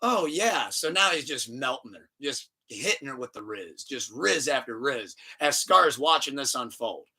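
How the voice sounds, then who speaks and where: A man hosting a casual podcast, telling stories in an animated, profane way and laughing often. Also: mid-range voice, moderate pace, hardly any pauses, breathy edge. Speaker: podcast host.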